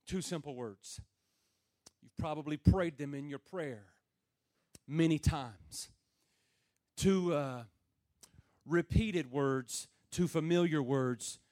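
A man preaching a sermon, dropping low and slow, then building to loud, shouted emphasis. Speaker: pastor.

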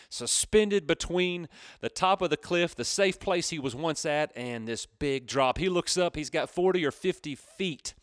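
A man's voice: on the high side, no room sound, studio quality. A man preaching on a radio program, telling stories and repeating key phrases for emphasis. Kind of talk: radio sermon.

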